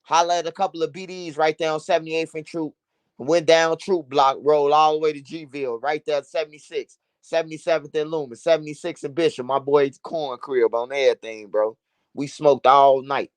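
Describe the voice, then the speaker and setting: A man casually telling a profane, animated street story, repeating phrases for emphasis. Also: on the high side, dry recording.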